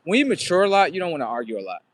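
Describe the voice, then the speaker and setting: Animated, high-voiced man ranting on stream. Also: racing, slight background noise. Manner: profane, rambling, talks back to viewers. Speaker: livestream host. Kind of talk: casual livestream monologue.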